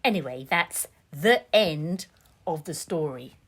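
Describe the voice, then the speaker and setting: A woman's voice: sits low, expressive, takes it slowly, breathy edge. A woman telling a children's story in a patient, playful way, dodging the listener's questions. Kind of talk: storybook reading.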